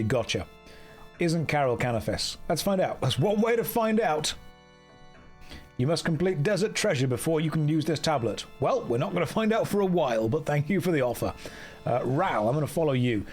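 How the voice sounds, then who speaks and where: Man, game streamer, casual chatty commentary, self-mocking, lively pitch, faint background music.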